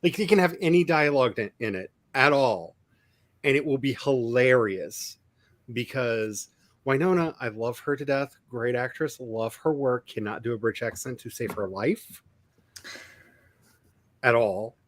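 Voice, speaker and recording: A man's voice: medium pitch, measured pace, no room sound. Chatty man rambling about movies. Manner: rambling, enthusiastic, trails off quietly. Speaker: host. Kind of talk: casual chat.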